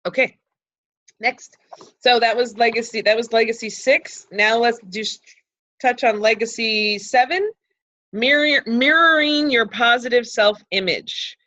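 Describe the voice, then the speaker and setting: A woman hosting a group video call, talking casually and haltingly with frequent restarts. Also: on the high side, pushed and bright. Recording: dull lo-fi call audio.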